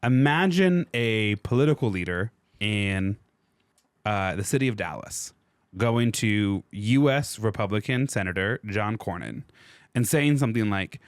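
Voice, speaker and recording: A man co-hosting a podcast, casually explaining history in an animated, sarcastic way, swearing freely and acting out the people he quotes. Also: lowish voice, a little slow, no room sound.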